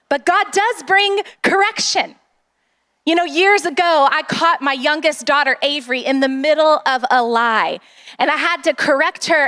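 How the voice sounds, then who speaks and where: High-voiced woman pastor preaching a sermon. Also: pushed and bright. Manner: earnest, rallying congregation.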